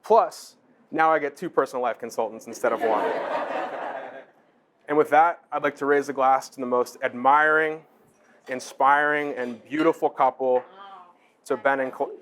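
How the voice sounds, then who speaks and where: A man's voice: medium pitch, normal speed, a bit bright. A man raising a toast to a couple, his longtime friend and partner. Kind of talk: wedding toast. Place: restaurant dinner.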